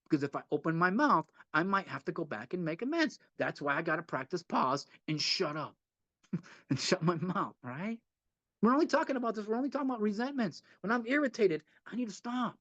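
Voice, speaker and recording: A man's voice: high-pitched, big pitch swings, a little fast, fairly bright tone, no room sound, muffled recording. A man leading a twelve-step study session in an informal teaching style, earnest and repetitive, often checking in with a rhetorical "right?". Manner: earnest, repeats points, asks rhetorical "right?".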